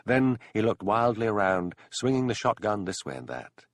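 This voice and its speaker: A man narrating a mystery audiobook in an expressive storytelling voice, close to a studio mic. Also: on the low side, normal speed, no echo.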